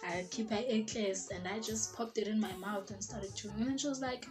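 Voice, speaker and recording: With background music behind her, a young woman vlogger from South Africa relates a personal story in a relaxed storytime format. Her mid-range voice is fairly even in intonation and fairly quick, carrying a South African accent and the occasional Zulu word among the English.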